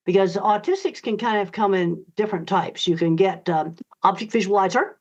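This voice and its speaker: A woman's voice: mid-range voice, fairly quick. An older woman answering interview questions in a blunt, emphatic, direct way. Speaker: guest author. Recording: dull lo-fi audio.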